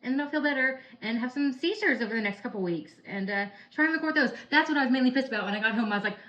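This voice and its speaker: A woman's voice: sits high, expressive, rapid-fire, few pauses, fairly bright tone. A woman in her thirties or forties at home on her couch, talking candidly to the camera in a rambling, sighing, venting way. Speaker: vlogger. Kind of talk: candid personal vlog. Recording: roomy, dull lo-fi home recording.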